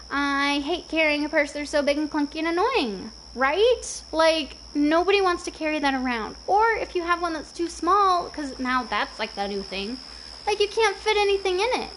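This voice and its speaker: A woman's voice: high-pitched, lively intonation, normal speed, a bit bright. A young woman in her twenties chatting casually with her viewers while playing a game, rambling from topic to topic. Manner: chatty, rambling, talks to chat. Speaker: game streamer. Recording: noisy stream audio.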